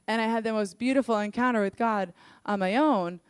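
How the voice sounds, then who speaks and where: Young woman, church worship leader, sermon told through candid personal stories; clear, smooth voice; dry recording. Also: on the high side, brisk, no echo. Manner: earnest, candid storytelling with lively acted-out quotes.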